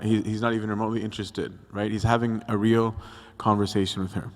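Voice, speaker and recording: Man, young adult priest, mid pitch, chatty youth talk, acts out quotes, long hall reverb. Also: fairly even intonation, a little fast. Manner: conversational, acts out quotes, frequent "right?". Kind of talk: casual youth talk on scripture. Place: church hall.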